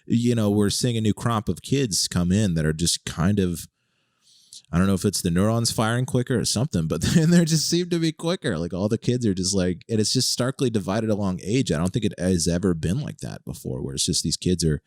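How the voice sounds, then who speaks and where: Deep-voiced musing male podcast host. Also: lively intonation, brisk, a little mellow, dry recording, studio quality. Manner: musing, hesitant, lots of restarts. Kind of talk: casual chat.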